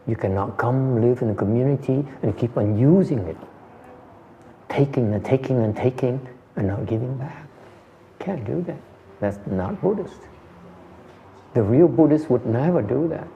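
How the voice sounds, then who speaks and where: A man's voice: mid-range voice, expressive, normal speed, creaky, long pauses, warm tone, a little hiss or hum. A man giving a conversational dharma lecture, repeating phrases and answering questions. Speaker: meditation teacher. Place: meditation hall. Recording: muffled hall recording.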